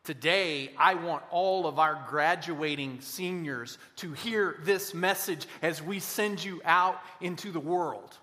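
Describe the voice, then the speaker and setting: A man preaching a sermon in a church, earnest and slowing down to stress key words. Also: fairly high pitch, pushed and bright, long reverb tail. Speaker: pastor. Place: church sanctuary.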